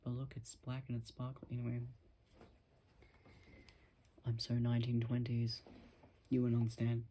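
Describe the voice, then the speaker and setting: A man talking casually to his camera at home, rambling and self-deprecating, in a musing, soft-spoken way. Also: medium pitch, monotone, normal speed, long pauses, slight background noise. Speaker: vlogger.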